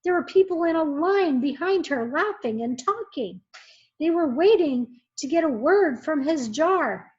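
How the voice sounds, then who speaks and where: A woman teacher reading a children's book aloud in an expressive, measured way. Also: sits high. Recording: muffled lo-fi recording.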